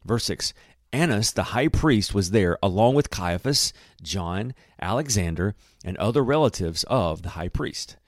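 A man's voice: on the low side, lively intonation, measured pace, dry recording, studio quality. A man reading scripture aloud and commenting on it in an enthusiastic, conversational way. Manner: enthusiastic, conversational, laughs often. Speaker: Bible teacher.

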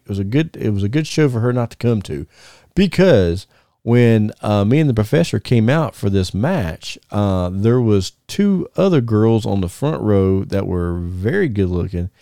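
A gravelly, mellow-voiced man, a former wrestler spinning stories on a podcast. He laughs often and stumbles through restarts as he talks. The recording is dry and close. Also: fairly low pitch, dry recording. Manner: animated, laughing storyteller with many restarts. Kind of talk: casual storytelling chat.

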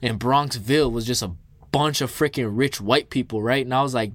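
Young man, storytime vlog, animated, swearing, mid-pitched voice, dry close sound. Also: fairly quick, no room sound. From Minnesota. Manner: animated, swears freely, many fillers. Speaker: vlogger telling a story. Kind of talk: casual storytelling.

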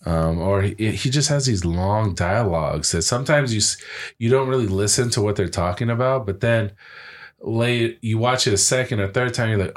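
A man's voice: on the low side, fairly quick. A young man co-hosting a podcast, casually retelling movie scenes and acting out the lines with lots of fillers. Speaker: podcast co-host. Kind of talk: casual chat.

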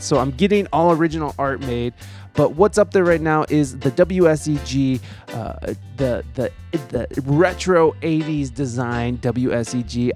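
A man hosting a podcast, casual and jokey, with loud laughs. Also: mid-range voice. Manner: animated, jokey, laughs loudly. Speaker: podcast host.

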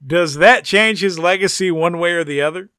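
A man's voice: high-pitched, moderate pace, pushed and bright, smooth, no echo, studio quality. A man co-hosting a casual sports podcast, teasing his friends and pressing his points with emphasis. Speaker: podcast co-host.

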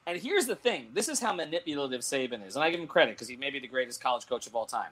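Middle-aged guy telling a story, kinda high, bright voice, laughs a lot. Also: very fast, few pauses, husky. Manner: animated, laughing anecdote-telling with many restarts. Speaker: sports columnist and show host. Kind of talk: casual storytelling on a talk show.

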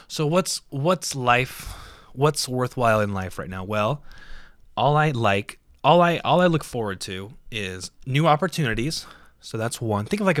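A man's voice: mid-range voice, fairly bright tone, no room sound, clean studio sound. A man hosting his own podcast in a casual solo monologue, rambling and joking with lots of swearing. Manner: profane, rambling, jokey. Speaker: podcast host.

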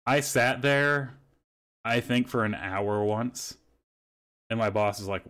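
A man's voice: lowish voice, fairly even intonation, a little slow, pauses often, fairly bright tone. A young man hosting a podcast, telling rambling stories in casual chat and swearing freely. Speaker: podcast host.

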